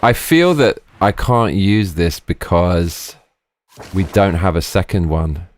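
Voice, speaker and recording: Low-voiced man swearing through a live stream. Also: slow. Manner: profane, exclamatory, laughs often. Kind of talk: casual gameplay live-stream commentary.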